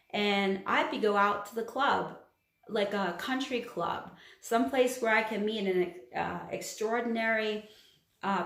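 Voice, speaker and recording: A woman's voice: medium pitch, fairly bright tone, echoey room. A woman giving a casual astrology reading, chatty and emphatic, repeating her points and laughing at herself. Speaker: astrology channeler. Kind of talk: casual tarot-style reading to camera.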